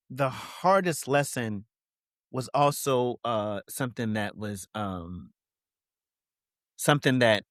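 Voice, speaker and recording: A man's voice: medium pitch, a bit bright, dry recording, studio quality. A man speaking as an interview guest, talking candidly and reflectively with many "you know what I mean" fillers.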